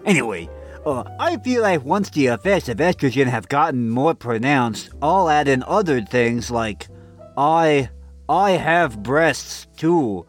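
A man's voice: medium pitch, big pitch swings, moderate pace, soft background music. A man hosting a comedic commentary, reading online posts aloud in a sarcastic voice that breaks into laughs and stumbling restarts. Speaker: commentary host.

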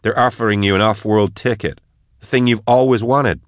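A man narrating an audiobook, voicing a weary, guarded female aide who speaks in a flat, tired way. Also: on the low side, moderate pace, dry recording, clean studio sound, pitched above the performer's own voice, close to an everyday voice.

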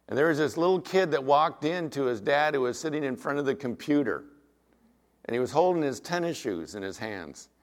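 A middle-aged man preaching a sermon as pastor, earnest and emphatic, weaving in personal anecdotes. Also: mid-range voice.

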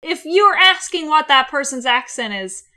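A woman's voice: sits high, expressive, moderate pace, sharp tone. A woman co-hosting a casual podcast about a film, blunt and sarcastic, swearing freely. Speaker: podcast co-host.

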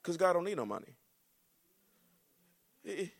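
A male pastor, preaching a sermon with folksy asides that build into shouting excitement. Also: high voice, moderate pace.

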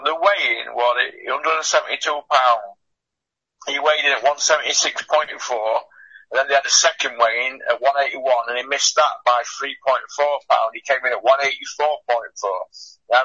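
A man with a husky voice, ranting bluntly about boxing in casual radio chat, swearing and scoffing. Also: mid-range voice, pushed and bright, lo-fi sound. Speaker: boxing pundit.

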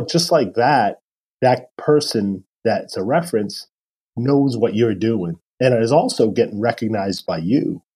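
His voice is lowish and warm with a slight roughness. As a career adviser to coaches, he tells stories in a casual interview, acting out the quotes as he goes.

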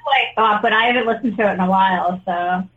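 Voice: medium pitch, fast, phone-quality sound, crowd noise. A person on a podcast in casual chat, dry, sarcastic and self-mocking.

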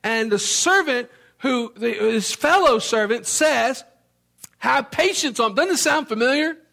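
A man, from Memphis, Tennessee, preaching a sermon as an animated storyteller who acts out the scenes. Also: very high-pitched, measured pace, creaky.

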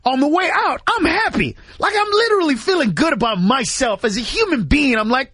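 A man in casual radio studio chat, telling animated stories and acting out the people in them. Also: very high voice, brisk, few pauses, no room sound. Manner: animated storyteller, acts out quoted voices.

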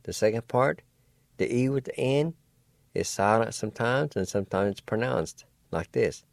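A man giving a radio language lesson, spelling words and slowly sounding out each syllable in a patient, encouraging way. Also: medium pitch, animated, gravelly, dry recording, clean studio sound. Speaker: language teacher.

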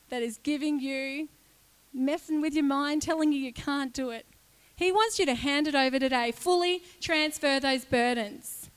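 A woman leading worship, speaking earnestly in short phrases and inviting people to pray. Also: high-pitched. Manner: earnest, imagery-led, short spoken phrases. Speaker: worship leader. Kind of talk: sermon-style exhortation at a worship service.

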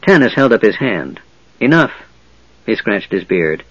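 A man reading fantasy narration aloud in a steady, even storytelling manner. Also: lowish voice, normal speed, breathy edge, dry recording, dull audio. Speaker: audiobook narrator.

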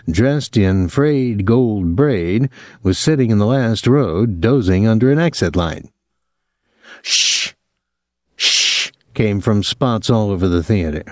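A man reading an audiobook in expressive scripted narration. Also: fairly low pitch, dry recording, studio quality. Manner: expressive storytelling.

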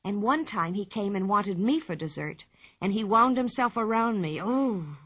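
A woman voicing a bold, boastful young girl in a storybook reading, her voice raised and excited. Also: normal speed, dry recording. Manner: excited and boastful, higher and louder.

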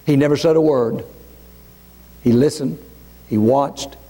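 A pastor preaching a sermon with passion, swinging from raised, urgent lines to hushed, low prayer, repeating and restarting words as he builds. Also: a little slow.

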